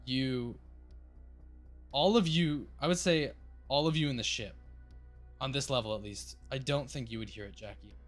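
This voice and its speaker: The voice is a man of middle pitch acting as game master for a sci-fi horror tabletop game. He narrates in a loose, rambling way, full of "um" and "like," with an offhand curse now and then. Faint music plays underneath. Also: normal speed, pauses often. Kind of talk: running a tabletop game over voice chat.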